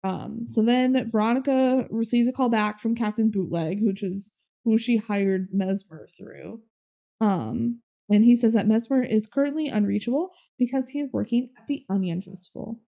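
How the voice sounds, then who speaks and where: A woman co-hosting a casual podcast, walking through a movie's plot scene by scene. She slips into quick imitations of the characters' lines as she tells it. Her voice sits on the higher side with a soft, mellow tone. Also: gravelly. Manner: retells scenes with quick quoted voices and laughs. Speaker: podcast co-host. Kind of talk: casual movie recap chat.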